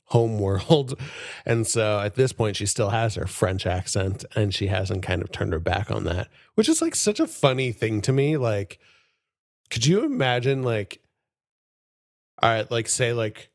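A man co-hosts a podcast, chatting casually and enthusiastically, laughing often and using plenty of fillers. His voice is lowish and expressive and a little slow, and the recording is dry with clean studio sound.

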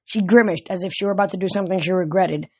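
A man reading a novel aloud as a fan audiobook, steady with occasional slips and restarts. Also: high voice, racing, no room sound. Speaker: audiobook reader.

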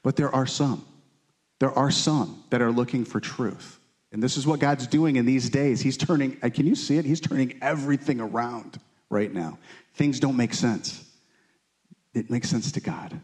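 A man with a slightly mellow voice teaches a Bible study at a moderate pace, in a conversational sermon style. Earnest and informal, he keeps checking in with "right?" and "okay?" and acts out quotes with a lifted, pleading pitch.

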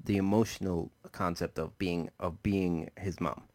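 Sex: man. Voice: very deep, dry. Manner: blunt, crude. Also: fairly even intonation, a little slow, darkish tone, no room sound. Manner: blunt, crude humor with lots of swearing. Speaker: podcast co-host. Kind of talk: casual chat about a film.

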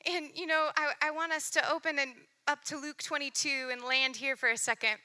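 A woman preaching a sermon, earnest and intimate, softening to near-whispers while reading scripture aloud. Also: high-pitched, fairly even intonation, normal speed.

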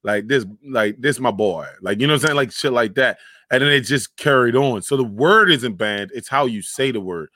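A man chatting casually on a panel over a video call, animated and slangy, often restarting his sentences. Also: mid-range voice, a little fast, a little hiss or hum. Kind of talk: casual podcast chat.

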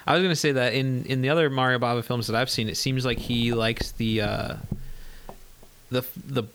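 A man's voice: mid-range voice, steady tone, normal speed, a bit bright, smooth. A man co-hosting a podcast, talking through films in a rambling way with lots of fillers. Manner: rambling, filler-heavy, laughs often. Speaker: podcast co-host. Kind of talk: casual film discussion.

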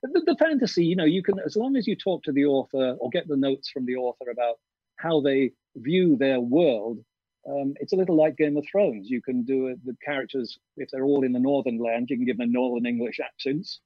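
A man with a breathy, husky voice talks things through carefully, often pausing and restarting. The sound is dry and lo-fi, like a video-call feed. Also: medium pitch, animated, dry recording. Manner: thoughtful, hesitant, with many ums and restarts. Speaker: audiobook narrator. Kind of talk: interview over video call. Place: garden studio shed.

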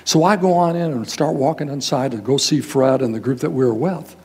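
An older man, a guest pastor, telling a story in a sermon in a folksy, animated way, acting out the people in it. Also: medium pitch, fairly quick, breathy edge. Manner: animated, folksy, quotes people in raised voices.

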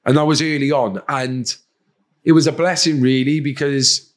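A man's voice: medium pitch, steady tone, normal speed. A man speaking as a podcast guest, telling his own story bluntly with heavy swearing and acting out other people's lines. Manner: blunt and heavily profane, acts out quoted voices. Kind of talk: candid personal storytelling.

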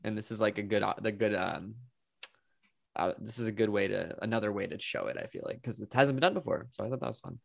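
A man chatting casually about a movie, relaxed and rambling, with lots of filler words. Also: lowish voice, fast, gravelly, no room sound, studio quality. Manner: relaxed, heavy use of "like", rambling.

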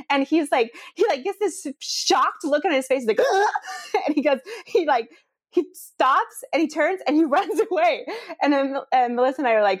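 A woman guest in a conversation, telling a personal story in an animated way, full of restarts and "like". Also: on the high side, dry recording, clean studio sound. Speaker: interview guest.

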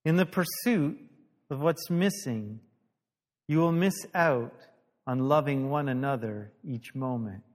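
A man's voice: medium pitch, takes it slowly. A male pastor preaching a sermon, telling a story animatedly, acting out the dialogue and laughing at himself. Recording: long hall reverb.

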